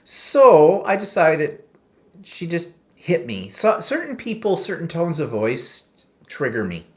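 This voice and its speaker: A man's voice: on the high side, sing-song, takes it slowly, darkish tone. A man co-hosting a casual talk show, telling an anecdote with sarcasm and bits of mimicked voices. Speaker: podcast co-host. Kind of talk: casual storytelling.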